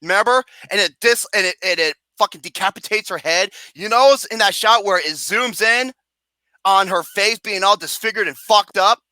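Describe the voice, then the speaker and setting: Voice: medium pitch, normal speed, sharp tone, dry recording. A movie reviewer ranting about a film in a comedic, profane way, mocking and sarcastic, swearing constantly and breaking into laughter.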